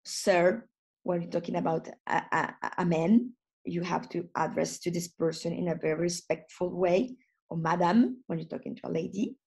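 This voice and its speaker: A woman's voice: on the low side, normal speed, vocal fry. A woman trainer leading an online lesson on phone English for tourism staff. She speaks in non-native phrasing with frequent restarts. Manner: lively teaching, acts out short phone dialogues.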